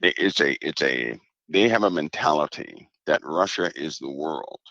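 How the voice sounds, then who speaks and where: A man with an extremely low, gravelly voice, talking in a measured, emphatic way that circles back to repeat his point. The audio is dull and lo-fi but dry, with no room around it. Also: expressive, sharp tone, no room sound. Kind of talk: casual conversation.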